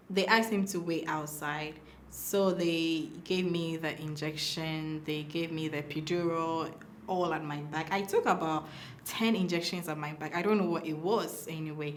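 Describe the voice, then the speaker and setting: A woman's voice: a little slow, slight background noise. A young woman telling a personal story in a casual way, acting out the voices of the people she quotes. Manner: animated, acts out quoted dialogue with big pitch swings. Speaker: mother telling her birth story.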